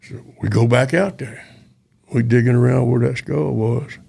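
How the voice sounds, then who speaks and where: Older guy, real gravelly and husky, folksy ex-cop telling stories. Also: medium pitch, fairly even intonation, moderate pace, mellow. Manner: folksy, acts out dialogue in quoted voices. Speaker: retired police officer storyteller. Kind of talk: casual storytelling interview.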